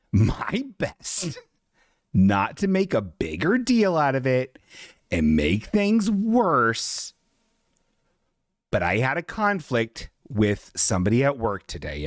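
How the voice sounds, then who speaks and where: A man's voice: on the low side, a bit bright, dry recording, clean studio sound. A man hosting a podcast, telling a comedic story with sarcastic, self-mocking humor. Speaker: podcast host.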